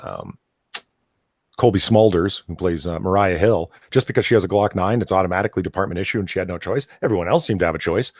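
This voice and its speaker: A man's voice: sits low, fast, no echo, clean studio sound. A man hosting a casual comics livestream, rambling with lots of fillers and nerdy asides. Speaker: podcast host.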